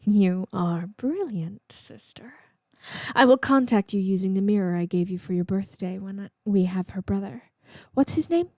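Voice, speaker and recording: A calculating noblewoman sorceress from a fan story, voiced by a woman reading aloud murmurs her plans slowly, almost in a whisper. She sounds a little distant from the mic, with no room echo around her. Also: medium pitch, warm tone, lightly acted. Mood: scheming. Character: scheming noblewoman sorceress, cold and deliberate.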